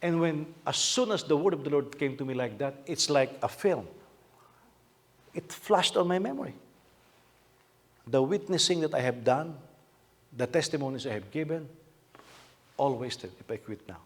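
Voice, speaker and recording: The man preaching here is a pastor from the Philippines whose lively sermon repeats itself often and poses rhetorical questions. His pitch runs on the high side, his pace is normal, and he leaves long pauses.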